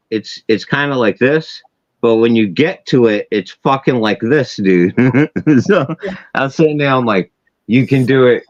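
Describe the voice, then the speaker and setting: A man's voice: medium pitch, dry recording, highs cut off. A man telling a long personal story in casual, profane chat, acting out the voices of others, with an occasional stutter. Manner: profane, animated, acts out dialogue, occasional stutter. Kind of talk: casual storytelling on a live stream.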